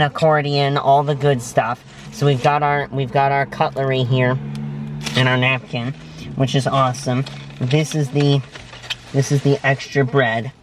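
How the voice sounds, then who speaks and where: A man's voice: mid-range voice, a little hiss or hum. A man hosting a casual food review vlog from inside a parked car, talking in an emphatic, gushing way with dramatic word choices. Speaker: vlog host. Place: parked vehicle.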